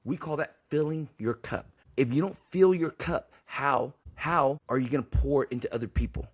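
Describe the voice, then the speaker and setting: Man, podcast host, husky voice, blunt, emphatic, preachy, casual talk. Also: medium pitch, moderate pace. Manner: swears freely.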